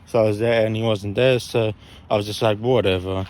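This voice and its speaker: Young adult male storyteller, slightly low-pitched, talks in loops and corrects himself as he goes. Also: steady tone, a little fast, darkish tone. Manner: rambling, repetitive, keeps correcting himself. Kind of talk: casual storytime.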